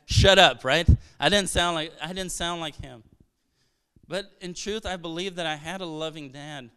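A man's voice: high voice, pushed and bright, smooth. A man from Brazil preaching a sermon as a pastor, earnest and conversational, with rhetorical questions and frequent restarts.

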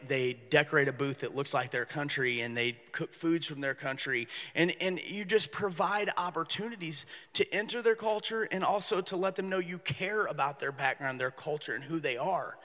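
A man with a fairly high, bright voice gives a lively storytelling talk at a ministry workshop. His sound rings in a large hall with a long reverb. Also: normal speed, hardly any pauses. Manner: animated storyteller acting out voices. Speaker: campus minister speaking at a workshop.

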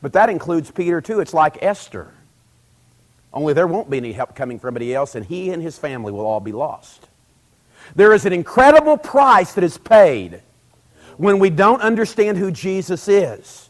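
A man's voice: on the high side, big pitch swings, normal speed. Emphatic middle-aged man preaching. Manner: conversational, building to loud emphatic peaks, acts out quoted dialogue. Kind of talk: sermon.

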